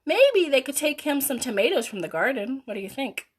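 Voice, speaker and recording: A woman hosting a live children's story reading, with chatty, animated asides to her young viewers. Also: high voice, a little fast. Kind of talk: live read-aloud for children.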